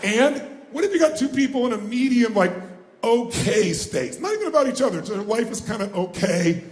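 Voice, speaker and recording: A man giving a live motivational seminar, energetic and firing questions at the audience so they call out answers. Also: very high voice, quick pace, echoey room. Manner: energetic, calls out questions and prompts the crowd to answer. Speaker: motivational speaker. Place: large room with a live audience.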